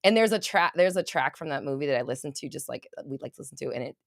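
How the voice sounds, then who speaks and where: A woman hosting a casual livestream and doing intuitive readings for her chat, rambling, swearing freely and breaking into loud laughter. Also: low-pitched, lively intonation, racing, vocal fry, no room sound, clean studio sound.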